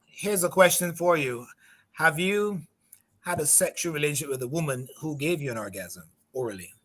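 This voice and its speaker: A man on a radio talk panel, speaking in a measured, explaining way. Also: fairly high pitch, a bit bright.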